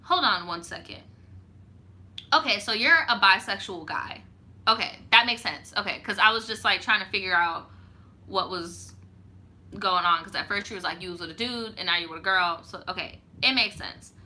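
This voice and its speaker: On her casual live stream, a young storytime YouTuber reads viewers' stories aloud and reacts in slang. Her mid-range voice is bright and forceful, delivered at a moderate pace.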